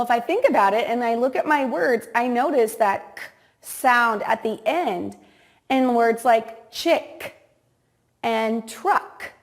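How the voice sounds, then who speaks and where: A woman teacher giving a reading lesson to young children, pronouncing each word slowly and clearly and prompting them to repeat. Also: a little high. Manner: slow, exaggerated word-by-word enunciation with repeat-after-me prompts.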